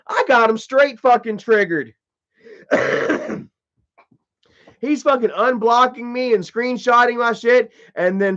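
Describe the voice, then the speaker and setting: High-voiced man ranting on a livestream. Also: a bit bright. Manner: profane, mocking, lots of "you know". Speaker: livestream host. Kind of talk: casual livestream rant. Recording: dull lo-fi stream audio.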